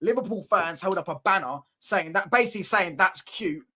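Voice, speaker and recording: Young Mancunian man, football stream host, cheeky banter, high-ish bright tone. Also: animated, brisk. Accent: Manchester. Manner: cocky, teasing, laughing, slangy address to viewers. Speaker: football channel host reading live chat. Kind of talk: casual livestream banter.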